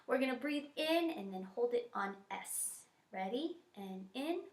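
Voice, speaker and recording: A woman teacher guiding students through breathing and posture warmups in an encouraging, instructive way. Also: fairly high pitch, lively intonation, a little slow, distant mic. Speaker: music teacher. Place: school music room. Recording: echoey room.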